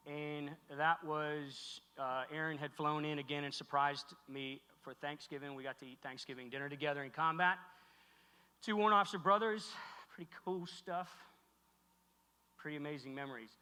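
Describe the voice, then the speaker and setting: Middle-aged man, keynote speaker, bright and forceful tone, echoey hall, halting heartfelt delivery. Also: a little high, fairly even intonation, smooth. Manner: halting, heartfelt, many restarts. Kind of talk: emotional keynote speech. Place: large hall on stage.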